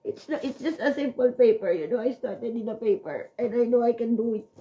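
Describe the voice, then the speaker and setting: A woman's voice: on the high side, fairly quick, mellow, lo-fi sound, a little hiss or hum. Chatty emotional woman. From Switzerland. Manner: emotional, tearful at times, chatty with many fillers. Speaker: vlogger. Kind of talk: rambling personal vlog.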